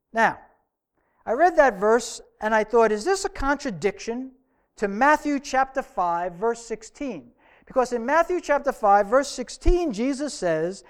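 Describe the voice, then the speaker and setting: Male pastor preaching a sermon in a church, bright high voice with a smooth, clear tone. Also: sing-song. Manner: earnest preaching with emphatic, drawn-out phrases.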